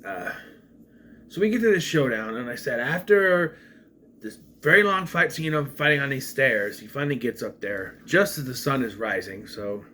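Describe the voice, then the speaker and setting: Animated rambling man reviewing a film. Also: medium pitch, moderate pace, a little hiss or hum. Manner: rambling and animated, with frequent restarts and asides. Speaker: movie reviewer. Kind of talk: casual spoken film review.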